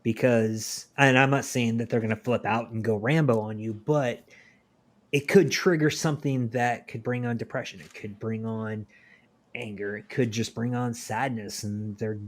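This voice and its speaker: A man co-hosting a podcast, talking earnestly and at length, voice sinking quietly at the ends of thoughts. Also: mid-range voice, fairly even intonation, moderate pace. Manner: earnest, preachy, trails off quietly. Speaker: podcast co-host. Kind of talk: casual podcast discussion.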